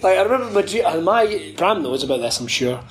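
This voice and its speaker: Man, fairly high voice, animated, swears a lot, laughs often, casual interview guest. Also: brisk. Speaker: wrestling commentator, guest.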